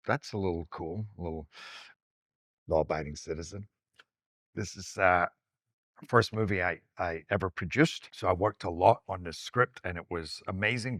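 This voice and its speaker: A man with a deep, low voice talks casually about the films he has made, skipping from one story to the next with lively enthusiasm. The sound is dry and close, with no room around it. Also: no room sound. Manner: animated, digressive storytelling. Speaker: actor. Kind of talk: casual reminiscing monologue.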